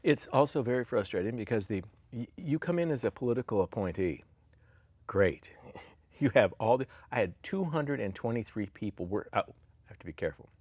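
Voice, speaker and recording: A man's voice: medium pitch, brisk, husky, no echo. A man in his sixties, a former politician telling stories in an interview, acting out the voices of people he quotes. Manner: animated, acts out quoted voices and laughs often. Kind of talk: storytelling interview.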